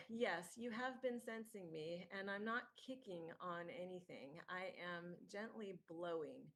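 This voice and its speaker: A woman's voice: fairly low pitch, a bit bright. A woman channeling a playful, loving departed spirit who jokes and keeps promising that all will be okay. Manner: jokey, reassuring, repeats comforting phrases.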